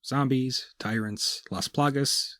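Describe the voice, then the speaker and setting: A man's voice: mid-range voice, steady tone, takes it slowly, fairly bright tone, no room sound, faint music behind. Sardonic, profane man with a dry voice. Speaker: gaming video host. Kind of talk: scripted video-essay monologue.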